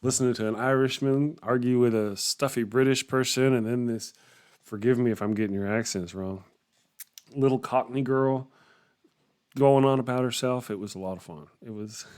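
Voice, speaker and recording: A man hosts a morning livestream and talks loosely to his viewers. He rambles, chuckles often, and trails off in the middle of thoughts. His voice sits at an ordinary middle pitch for a man. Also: a little mellow. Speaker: livestream host. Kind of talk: casual chat reacting to viewer comments.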